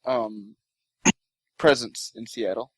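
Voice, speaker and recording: A man playing in a tabletop role-playing game, explaining himself in a careful, drawn-out way. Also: medium pitch, slightly rough, dry recording, poor audio. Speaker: player. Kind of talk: casual tabletop role-play.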